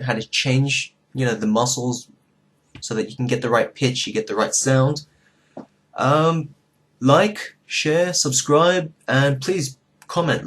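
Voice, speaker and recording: Chatty man teaching tones in a video lesson. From southern Vietnam. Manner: chatty, many fillers, swings pitch to show tones. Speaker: language teacher.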